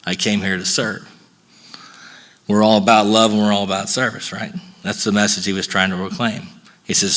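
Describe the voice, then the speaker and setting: A middle-aged man with a somewhat low voice shares his story at a recovery workshop. He talks in a folksy, storytelling way and acts out both sides of each conversation. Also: a bit bright. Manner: folksy, acts out dialogue with quick back-and-forth. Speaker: recovery meeting speaker. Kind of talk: personal storytelling talk at a workshop.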